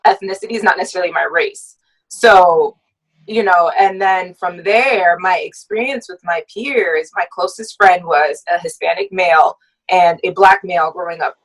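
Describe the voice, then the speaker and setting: A young woman, a podcast guest, telling her own story reflectively with many hesitant pauses. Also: fairly low pitch, a bit bright, poor audio. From United States. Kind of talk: personal storytelling in a podcast conversation.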